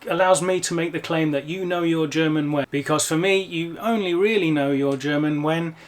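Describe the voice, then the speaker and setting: A middle-aged Englishman talks to camera in a scripted vlog. His delivery is wry and self-mocking. His voice sits a little higher than most men's. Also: moderate pace. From England. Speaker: YouTuber.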